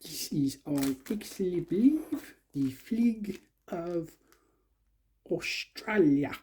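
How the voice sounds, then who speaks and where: A man voicing a slow, halting South African man who sounds unsure of himself. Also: sits high, lively intonation, warm tone, a little hiss or hum, voice pushed up. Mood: puzzled.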